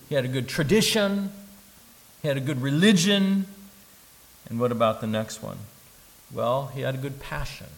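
A male pastor preaching a sermon with a gravelly, creaky edge to his voice. He moves between soft, conversational asides and loud, emphatic bursts, with humorous asides. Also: mid-range voice, rough recording. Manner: humorous asides and joking impressions.

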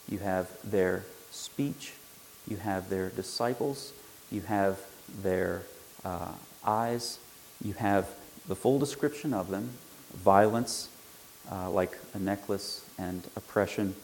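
Low-voiced man teaching Bible verses. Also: slow pace, darkish tone, slight background noise, rough recording. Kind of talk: explanatory Bible lecture.

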